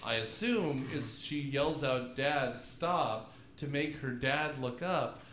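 A man co-hosting a casual movie podcast from his room, talking in a rambling, jokey, animated way with lots of asides. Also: mid-range voice, slow pace, roomy sound, slight background noise. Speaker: podcast co-host. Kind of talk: casual movie recap chat. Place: home room with DVD shelf.

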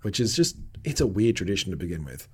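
A man's voice: lowish voice, sing-song, fast talker, slightly rough. A man co-hosting a casual podcast, recapping a TV episode with lots of laughter and playful mock indignation. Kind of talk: casual chat.

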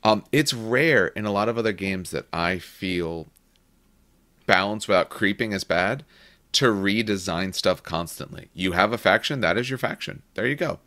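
A man's voice: on the low side, moderate pace, bright, forceful tone, no room sound. A man hosting a podcast in casual gaming chat, opinionated and rambling with restarts. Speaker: podcast host.

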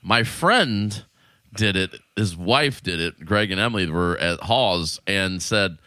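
A man co-hosting a podcast in a small studio, telling stories in a casual, animated way, laughing often and swearing freely. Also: low voice, slow pace, dry recording. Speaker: podcast co-host. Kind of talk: casual chat.

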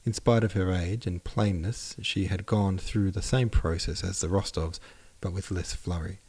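A man's voice: low-pitched, fairly even intonation, moderate pace, a little mellow, breathy edge. A man narrating a classic novel aloud on his podcast, plainly and evenly, stopping to correct his own slips. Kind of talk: audiobook narration.

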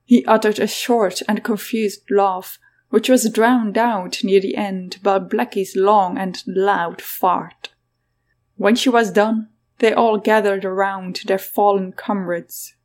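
A woman narrating a fantasy story in a scripted, even reading. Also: mid-range voice, slow. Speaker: audiobook narrator.

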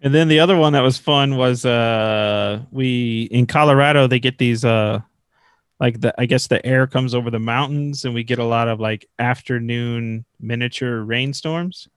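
A man's voice: mid-range voice, moderate pace, smooth, dry recording. Chatty man telling stories, dry sound. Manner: rambling storyteller, many fillers. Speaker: podcast co-host, religious brother. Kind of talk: casual chat.

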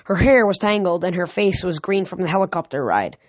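A male amateur reader reads a novel chapter aloud at an even pace. He often stumbles, restarts and corrects himself. The close mic gives a dry, roomless sound. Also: high voice, brisk, no echo. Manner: unpolished read with frequent restarts and self-corrections. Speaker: audiobook reader.

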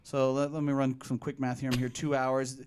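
A man co-hosting a podcast, telling a long story in casual chat, with plenty of swearing and animated asides. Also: medium pitch, brisk, slight background noise. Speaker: podcast co-host.

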